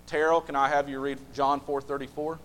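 A man's voice: medium pitch, level tone, fairly quick, fairly bright tone, slight background noise. A man leading a Bible study, asking the group questions and repeating phrases for emphasis. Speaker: Bible class teacher.

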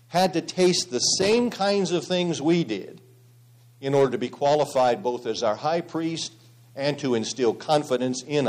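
A man's voice: medium pitch, a little mellow. A man leading a Bible study class, teaching earnestly with frequent restarts and asides to the group.

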